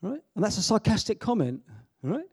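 A man's voice: high voice, very animated, fairly quick, gravelly, breathy edge, no room sound, studio quality. A man giving an informal, joking sermon with frequent asides and restarts. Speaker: preacher. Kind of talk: informal sermon to a youth audience.

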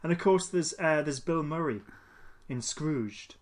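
Man, podcast co-host, casual chat, rambling, slightly high voice. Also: expressive, measured pace. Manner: rambling, many restarts and fillers.

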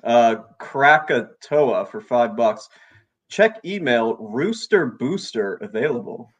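A laid-back male co-host on a video call, reading out viewer messages and answering them bluntly. He speaks in a relaxed, ordinary voice at a middle pitch. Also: slow, husky, highs cut off. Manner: laid-back, reads messages aloud and gives blunt advice. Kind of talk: casual late-night chat.

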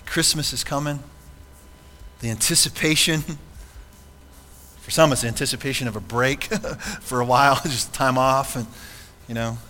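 A male pastor delivers an earnest, conversational sermon, asking his congregation rhetorical questions as he goes. His voice is bright and carries a long reverb from the church hall. A faint ambient hum sits underneath. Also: medium pitch, normal speed. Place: church sanctuary.

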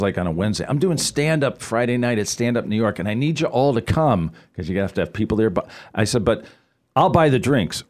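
A middle-aged man, a guest on a radio talk show, telling stories in a casual, animated way and acting out the people he quotes. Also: medium pitch. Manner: animated storyteller, acts out quoted voices. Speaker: guest, financial advisor.

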